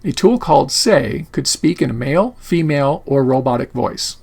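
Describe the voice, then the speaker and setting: A man's voice: medium pitch, animated, normal speed, gravelly, a little mellow. A man narrating a scripted video essay as host of his channel.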